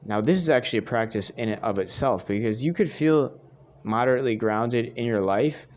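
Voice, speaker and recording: Brisk and slightly mellow, this mid-range male voice belongs to a young dating coach. He looks straight into the camera, giving earnest advice, going over his points again and calling his audience "guys."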